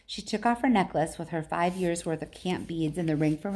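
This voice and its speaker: A woman reads a novel aloud in a casual teacher's manner, with chatty asides. Her voice sits on the lower side. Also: moderate pace, few pauses, darkish tone.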